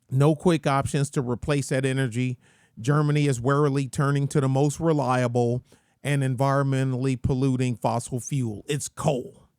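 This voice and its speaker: Male host, folksy and rambling, unhurried delivery with a dry, close sound. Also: mid-range voice, darkish tone, clean tone, no echo. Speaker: channel host. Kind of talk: casual rant commentary.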